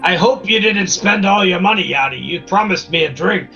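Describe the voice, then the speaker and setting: A man playing a tabletop game, complaining in a slow, whiny way. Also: high voice, gravelly, pushed and bright, dull audio, soft background music. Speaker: player. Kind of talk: tabletop role-play chat.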